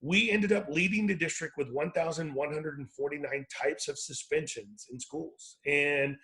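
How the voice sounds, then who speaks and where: A man's voice: fairly high pitch, moderate pace, pushed and bright, rough recording. A man in his forties, an educator and founder, telling stories in a rambling way and often correcting himself on a video call. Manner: rambling, self-correcting storyteller. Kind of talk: casual video call conversation.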